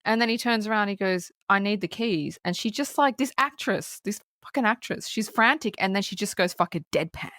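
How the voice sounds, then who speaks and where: A woman co-hosting a podcast, excitedly retelling film scenes with plenty of swearing. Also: mid-range voice, a little fast, hardly any pauses, dry recording, clean studio sound. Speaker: podcast co-host. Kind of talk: casual film review chat.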